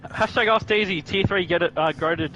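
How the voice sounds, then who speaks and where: A man's voice: sits high, moderate pace, sharp tone, highs cut off, a little hiss or hum. A man hosting a live sim racing stream, commentating the race with joking banter that picks up when the action heats up.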